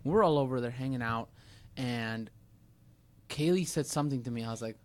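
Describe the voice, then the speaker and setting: A man's voice: medium pitch, brisk. A young man chatting casually with friends on a podcast, telling rambling, profane stories full of fillers. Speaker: podcast co-host. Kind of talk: casual chat among friends.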